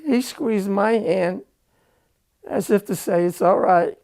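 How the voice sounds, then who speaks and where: Gravelly older man recalling war. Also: high-pitched, darkish tone. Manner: halting, emotional, repeats phrases. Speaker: war veteran giving testimony. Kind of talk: personal war testimony.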